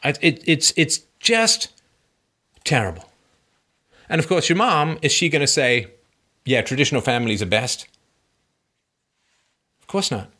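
A man hosting a call-in advice show, talking forcefully and repeating his points for emphasis. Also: a little high, animated, a little slow, pauses often.

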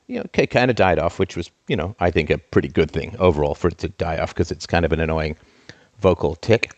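Deep-ish guy host ranting live, sarcastic and exasperated, trained theatrical voice, dry sound. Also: no room sound. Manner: exasperated, sarcastic, big swings in pitch. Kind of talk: ranting live show monologue.

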